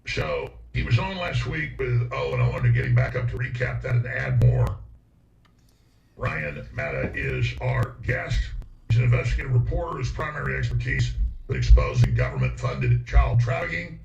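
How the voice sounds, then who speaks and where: A man's voice: on the low side, wildly swooping pitch, normal speed, darkish tone. A man hosting a talk show, talking with heated emphasis and repeating words when worked up. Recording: roomy, distant, dull sound with faint music.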